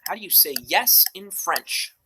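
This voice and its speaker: A man's voice: high voice, animated, a little slow, noisy background. A man hosting a live mobile trivia game show, upbeat and joking with playful asides.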